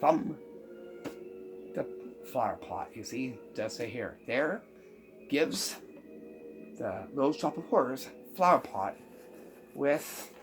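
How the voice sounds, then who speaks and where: A man explaining how a magic prank is made, step by step, pausing often with ums. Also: mid-range voice, animated, over music. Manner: unhurried, halting with many ums, explaining step by step. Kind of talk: magic trick tutorial.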